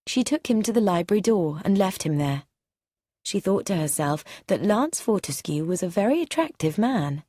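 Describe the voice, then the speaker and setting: Clear, measured woman narrating a storybook. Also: lowish voice, very animated, mellow, no room sound, clean studio sound. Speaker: audiobook narrator. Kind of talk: scripted audiobook narration for learners.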